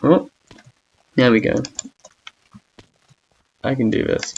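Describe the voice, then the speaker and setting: A young gamer rambles through his thoughts in a gravelly, mid-pitched voice, self-mocking about how awkward he is and drifting into hums between lines. The sound is dull and lo-fi, with faint keyboard clicks behind him. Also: lively intonation, slow pace, a little hiss or hum. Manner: hums and sings between talk. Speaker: gamer streamer. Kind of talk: casual gaming commentary.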